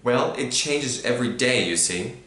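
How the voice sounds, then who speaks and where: A man's voice: mid-range voice, animated, normal speed, fairly bright tone, close to an everyday voice. A man voicing a defiant teenage boy who answers coldly and curtly. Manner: cold, curt, resigned. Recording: roomy echo.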